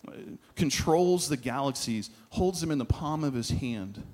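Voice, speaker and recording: A man's voice: mid-range voice, expressive, a little mellow. Male pastor preaching a story-driven sermon. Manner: storytelling, emphatic with slowed key phrases.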